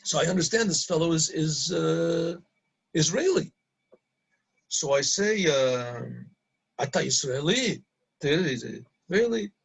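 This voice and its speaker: Gravelly halting male storyteller. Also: fairly high pitch, poor audio. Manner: halting, repeats words, laughs at own story. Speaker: rabbi storyteller. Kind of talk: casual anecdote telling.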